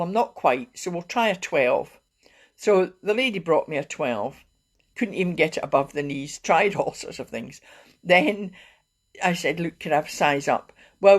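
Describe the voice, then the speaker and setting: Chatty woman giving wellbeing tips. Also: on the low side. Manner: chatty and rambling, with frequent fillers and laughs. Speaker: wellbeing coach. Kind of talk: casual live-stream talk.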